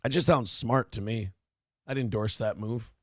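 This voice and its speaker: A man's voice: medium pitch, steady tone, moderate pace, no echo, studio quality. Buzzed, profane man hosting a stream. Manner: swears a lot, grows irritated and rants. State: a little drunk and tired. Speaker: streamer host. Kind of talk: profane casual stream chat.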